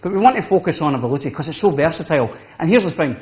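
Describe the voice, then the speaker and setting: A man, a chef, talks quickly through a recipe in a chatty, instructive way. His voice sits a touch high for a man. The recording is muffled and lo-fi, like an old local TV segment. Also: lively intonation. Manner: chatty, instructive, says "wee" often. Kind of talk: cooking demonstration. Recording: dull lo-fi TV audio.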